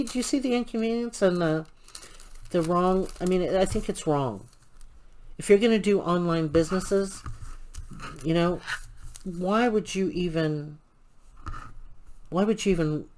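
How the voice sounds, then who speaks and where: A woman hosting a crafting channel, telling an indignant, animated story about a customer service complaint while she works on a craft. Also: lowish voice.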